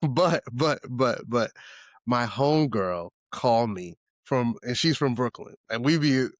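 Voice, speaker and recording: A man with a New York accent co-hosts a relaxed podcast chat. His voice swings widely up and down as he tells stories and acts out what friends said. The sound is close and dry, with no room behind it. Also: medium pitch, a little slow, no room sound. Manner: animated storyteller who acts out quoted friends. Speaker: podcast co-host. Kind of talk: casual chat.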